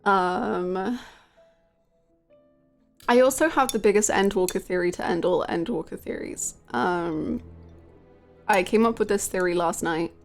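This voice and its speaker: A woman's voice: mid-range voice, unhurried, gravelly, pauses often, faint music behind. A woman streaming a game live, chatting casually with her viewers in a giggly, rambling way.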